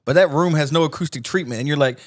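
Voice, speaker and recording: A man co-hosting a podcast in casual chat, loud and laughing often. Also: on the high side, quick pace, a little hiss or hum. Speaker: podcast co-host.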